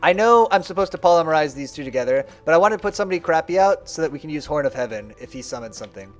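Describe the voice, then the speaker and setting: Chatty male streamer, casual play-by-play, high lively voice. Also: rapid-fire, soft background music. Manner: chatty, explains as he plays. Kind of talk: casual live game commentary.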